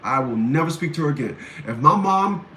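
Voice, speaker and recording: Blunt, forceful man ranting in a roomy echo. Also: on the high side, animated, fairly quick. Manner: blunt, combative, repeats phrases for emphasis. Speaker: radio show host. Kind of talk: ranting commentary. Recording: roomy echo, faint background noise.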